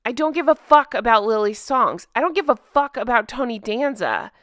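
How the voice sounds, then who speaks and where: A woman's voice: a little high, very animated, moderate pace, fairly bright tone, no echo. A woman hosting a TV recap, ranting in an exasperated, profane and emphatic way into a close microphone. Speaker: host.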